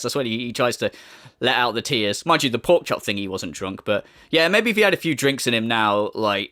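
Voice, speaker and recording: A man's voice: mid-range voice, fairly bright tone. Sarcastic, foul-mouthed man ranting. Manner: sarcastic, profane and mocking. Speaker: commentary YouTuber. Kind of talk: ranting commentary.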